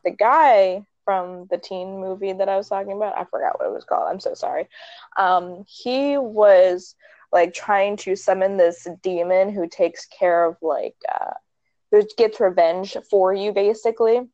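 A woman's voice: medium pitch, unhurried, warm tone, dry recording. Rambling young woman, dull dry sound. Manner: rambling storyteller, many likes and ums, laughs a lot. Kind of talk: casual chat.

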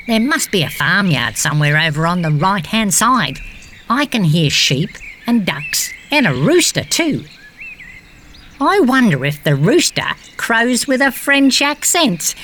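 A woman voicing a cheerful, fact-loving male green tree frog, gently guiding a children's storybook adventure and fond of silly jokes. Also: mid-range voice, big pitch swings, unhurried, a little hiss or hum.

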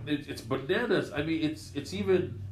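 Here a radio personality in his fifties, guesting on an interview, spins casual stories and performs other people's lines with lively flair. His voice sits on the high side and moves at a moderate pace. The echoey room carries crowd noise.

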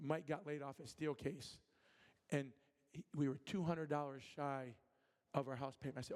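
A man's voice: fairly high pitch, steady tone, moderate pace, darkish tone. A man from Michigan preaching as a guest speaker, telling personal stories with acted-out voices and many restarts, then ministering directly to people in the congregation. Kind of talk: sermon with storytelling and prophetic ministry. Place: church sanctuary. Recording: long hall reverb.

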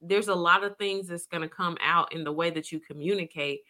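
Woman podcast co-host, bright tone, reflective and earnest. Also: lowish voice, fairly quick. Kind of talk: casual chat.

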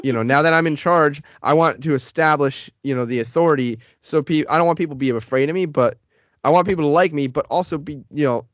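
A man's voice: on the high side, quick pace, no echo. Man telling a work story on a lo-fi mic. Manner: animated, profane storytelling. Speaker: podcast co-host. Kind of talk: casual storytelling chat. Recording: dull, lo-fi, dry sound.

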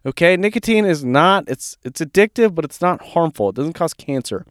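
A man's voice: on the high side, moderate pace, no room sound, studio quality. A man from Georgia, casually telling a story as a podcast co-host, swearing freely. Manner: animated, casual, swears freely, says dude.

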